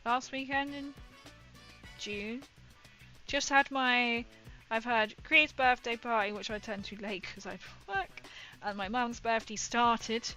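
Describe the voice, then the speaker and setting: A woman's voice: fairly high pitch, steady tone, slow pace, pushed and bright, soft background music. A woman, chatting casually with viewers on her livestream, rambling and laughing often. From England. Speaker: livestream host.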